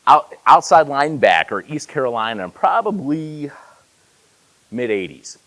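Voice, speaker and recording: Animated man giving a conference keynote. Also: medium pitch, low-quality recording. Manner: storytelling, animated, self-deprecating asides. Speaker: keynote speaker. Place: conference hall.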